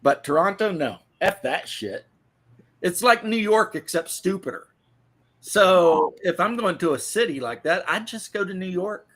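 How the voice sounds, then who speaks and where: A man from the American South hosts a loose podcast chat with a slightly high voice. He rambles through profane, joking stories. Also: expressive, unhurried, a bit bright. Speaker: podcast host.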